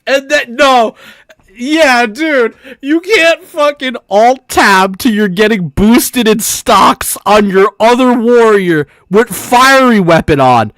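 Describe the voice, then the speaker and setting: High-voiced excitable young man streaming. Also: takes it slowly, dry recording, studio quality. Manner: excitable, laughs often, swears freely. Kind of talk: casual live-stream reaction commentary.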